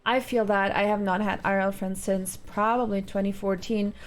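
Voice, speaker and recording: A woman's voice: mid-range voice, steady tone, normal speed, faint music behind. A woman livestreaming from home, chatting casually with viewers in a rambling, giggly way full of fillers. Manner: rambling, giggly, thinks aloud with many fillers. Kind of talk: casual chat with live viewers. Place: home, indoors.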